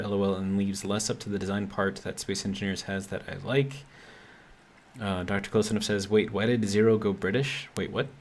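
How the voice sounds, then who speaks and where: A man's voice: fairly low pitch, steady tone, fairly quick. A man streaming a game live, talking casually and reading chat messages aloud, in an easygoing, hesitant way with lots of ums and self-corrections.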